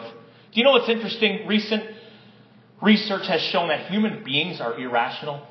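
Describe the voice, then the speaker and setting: A male pastor preaching a sermon in a church sanctuary, impassioned and shouting at times, with joking conversational asides. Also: high-pitched, moderate pace, recorded from a distance. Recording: echoey, dull room sound.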